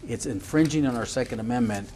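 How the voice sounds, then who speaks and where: A man's voice: mid-range voice, fast talker, mellow, a little hiss or hum. A man with a mid-range voice hosts a panel talk. He asks casual, probing questions that ramble and restart as he works toward his point. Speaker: talk show host. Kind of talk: moderating a panel discussion.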